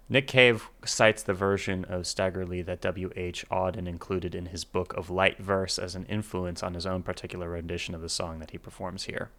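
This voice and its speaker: A man hosting a music reaction video, reading notes aloud in a casual way and trailing off quietly between remarks. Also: sits low, little pitch movement, moderate pace, hardly any pauses. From United States.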